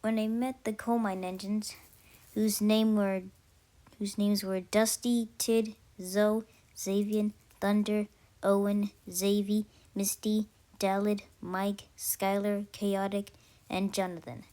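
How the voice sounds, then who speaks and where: A woman's voice: medium pitch, flat delivery, warm tone. A woman narrating a first-person story aloud, amateur and unpolished. She stumbles often, backs up and corrects herself mid-sentence before moving on. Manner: halting, frequent self-corrections. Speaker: story reader.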